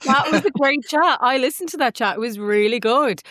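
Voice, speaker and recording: A woman's voice: high-pitched, brisk, no room sound, studio quality. A woman in her forties with an Irish accent, a podcast guest chatting casually and telling stories, acting out what people said. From Ireland. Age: 40s. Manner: chatty, animated storytelling with acted-out quotes. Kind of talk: casual chat.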